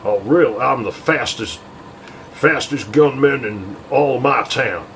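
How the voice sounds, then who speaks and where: A man's voice: mid-range voice, slow, fairly bright tone, a little hiss or hum, rough recording. A man voicing blustering Old West cowboys from an old movie, in an exaggerated mock-tough drawl.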